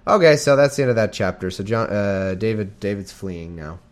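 A man's voice: fairly low pitch, animated, fairly quick. A man reading scripture aloud and joking about it in a casual, irreverent way, laughing at his own remarks. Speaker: scripture reader and commentator.

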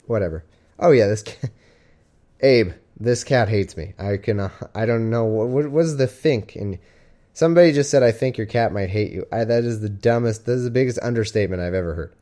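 A man's voice: lowish voice, warm tone. A man hosting a podcast livestream from home, chatting casually and rambling with jokes and fillers. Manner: rambling, joking, with many fillers. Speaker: podcast host. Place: at home with his cat.

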